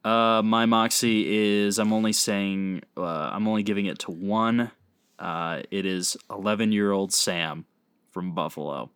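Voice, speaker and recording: A man's voice: fairly low pitch, steady tone, a little slow, fairly bright tone, smooth, no room sound. A man co-hosting a podcast, laid-back and jokey, full of slang and swearing. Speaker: podcast co-host. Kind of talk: casual sports chat.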